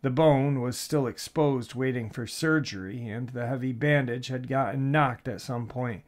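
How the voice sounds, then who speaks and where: A man narrating a listener's frightening encounter in a steady, measured storytelling voice. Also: medium pitch. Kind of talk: scripted narration.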